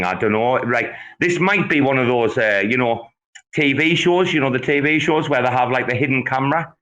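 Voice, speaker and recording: A man hosting a casual online audio chat, talking in animated, swearing banter. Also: medium pitch, moderate pace, poor audio. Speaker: host.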